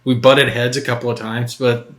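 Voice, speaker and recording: A man's voice: medium pitch, level tone, moderate pace, echoey room. A man in his thirties co-hosting a casual chat, telling rambling stories with a joking manner. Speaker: co-host.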